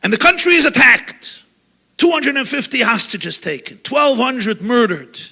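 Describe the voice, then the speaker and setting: A male rabbi preaches with fervor, his voice high and bright. He swings between loud, urgent outbursts and quiet, hushed passages as he speaks to a gathering. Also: lively intonation, unhurried, gravelly, slightly rough. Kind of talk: sermon. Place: lecture gathering.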